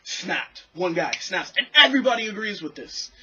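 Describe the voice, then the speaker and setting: A young man vlogging, telling a story in a casual, animated, profanity-laced way. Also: sits high, normal speed, lo-fi sound, noisy background. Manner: animated, swearing, acts out quotes.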